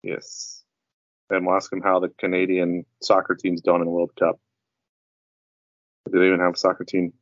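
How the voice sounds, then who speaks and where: A man's voice: low voice, monotone, normal speed, long pauses, no echo, lo-fi sound. A man hosting a casual racing podcast, joking and laughing through laid-back banter. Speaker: podcast host.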